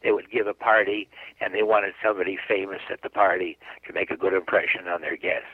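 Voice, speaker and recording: A man's voice: low voice, level tone, fast talker, slightly rough, dry recording. An older man, a guest psychic, telling a long anecdote in a radio interview and acting out the dialogue as he goes. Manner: chatty anecdotal storyteller, acts out dialogue. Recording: dry, phone-like narrow line.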